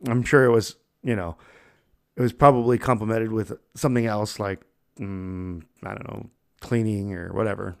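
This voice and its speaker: A man's voice: on the low side, steady tone, normal speed, creaky. A man hosting a podcast, telling stories in a loose, chatty way with lots of fillers and laughs. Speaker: podcast host. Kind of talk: casual chat.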